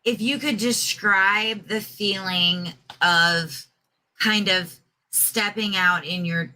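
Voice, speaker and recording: A woman's voice: mid-range voice, steady tone, takes it slowly, bright, forceful tone, rough recording. A woman co-host asking long, rambling, self-correcting questions in a casual interview.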